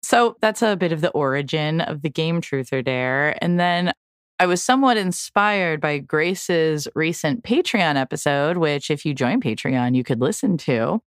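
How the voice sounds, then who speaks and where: A woman with a lowish voice that swings widely in pitch. She reads out a list of party dares with dry asides in a relaxed podcast chat. The sound is close and dry, with no room to it. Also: normal speed, smooth, no room sound. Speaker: podcast co-host. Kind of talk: casual chat.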